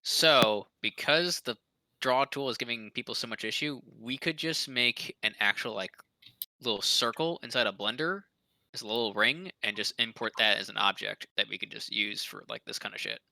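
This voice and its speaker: A player in a tabletop game gives a loose, rambling explanation of a technical idea. The voice is very bright and tense. The sound is dry and close to the mic. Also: medium pitch, normal speed, no room sound. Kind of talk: casual tabletop game chat.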